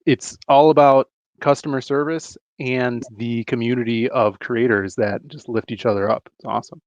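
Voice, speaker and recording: A male host chatting casually with a guest, agreeable and quick to back him up. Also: medium pitch, fairly even intonation, dry recording. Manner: agreeable, frequent short affirmations. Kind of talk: casual interview chat. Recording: dry, dull lo-fi sound.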